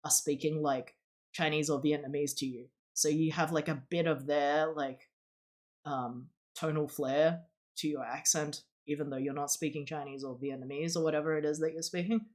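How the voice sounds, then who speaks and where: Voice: medium pitch, fairly even intonation, moderate pace. A streamer chatting casually and rambling, with many fillers and restarts. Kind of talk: casual chat on a live stream.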